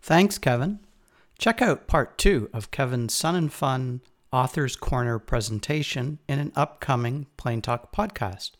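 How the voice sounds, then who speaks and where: Podcast host reading the outro, a man. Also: mid-range voice. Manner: friendly, measured read.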